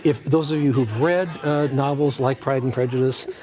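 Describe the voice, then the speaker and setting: A man commenting on a painting in a TV studio, chatty and hesitant, often restarting and filling pauses. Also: medium pitch, steady tone, darkish tone. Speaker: art commentator. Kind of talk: unscripted on-air commentary.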